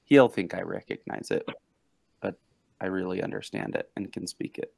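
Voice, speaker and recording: A man's voice: deep voice, moderate pace, gravelly, breathy edge, dry recording. A man playing a tabletop game, speaking hesitantly and stammering as he describes his actions. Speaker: player.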